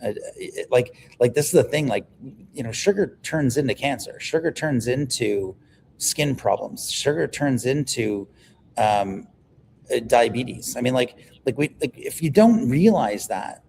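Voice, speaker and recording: A man, a livestream guest telling stories in an animated, emphatic way. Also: mid-range voice, unhurried, vocal fry, slight background noise. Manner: animated storyteller, emphatic, repeats words when excited. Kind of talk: casual livestream conversation.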